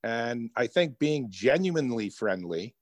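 A man telling personal stories as a guest in an interview, lively and conversational. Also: medium pitch, a little slow, no echo. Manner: animated storyteller, acts out quoted voices. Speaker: author and guest. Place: Hoboken.

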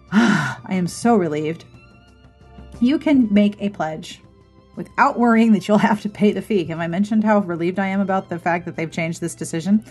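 Chatty, husky-voiced woman podcast host. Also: mid-range voice, a little mellow. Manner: chatty and giggly, easily amused. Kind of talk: podcast outro. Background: faint music.

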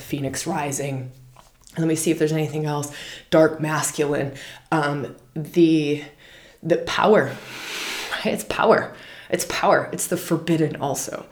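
A woman with a lowish voice hosts a spiritual podcast and talks in an animated, casual way. She repeats key words for emphasis. The recording has a roomy echo. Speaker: podcast host.

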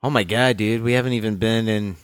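A man's voice: lowish voice, fairly even intonation, a little fast, smooth, no echo, studio quality. A man co-hosting a casual film review podcast, laid-back and chatty, often saying "dude" and "you know". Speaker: podcast co-host.

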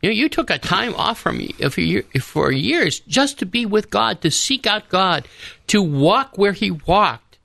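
Gravelly-voiced priest telling rambling stories. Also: male voice, sits high, expressive, measured pace, pushed and bright, no echo. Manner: rambling storyteller, restarts often. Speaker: priest, guest on a radio talk show. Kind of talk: casual radio discussion. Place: radio studio.

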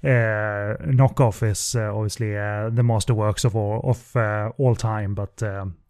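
A man hosting a podcast in casual chat, relaxed and hesitant, with many fillers. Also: on the low side, measured pace, no room sound. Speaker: podcast host.

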